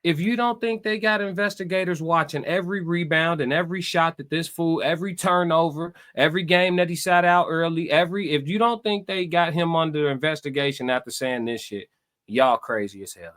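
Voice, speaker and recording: A young man reacting to a podcast clip as commentator, loud and mocking, full of slang and laughing often. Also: fairly high pitch.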